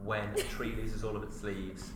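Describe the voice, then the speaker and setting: Deadpan joking man, echoey noisy room. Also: on the low side, moderate pace. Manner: deadpan joker, jumps into silly voices. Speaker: panel guest. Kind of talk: casual word-game chat. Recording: echoey room with background noise.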